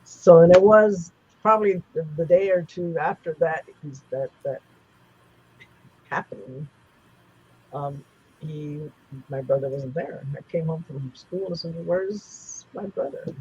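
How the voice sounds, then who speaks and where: A man's voice: fairly high pitch, unhurried, a little mellow, lo-fi sound, slight background noise. A man in his seventies tells personal stories as an interview guest, rambling with many restarts and fillers. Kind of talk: personal storytelling in a casual interview.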